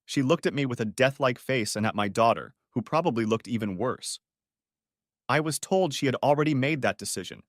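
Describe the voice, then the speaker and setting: Expressive male story narrator. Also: mid-range voice, fairly quick, dry recording, clean studio sound. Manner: expressive, emotional first-person telling. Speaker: audiobook narrator.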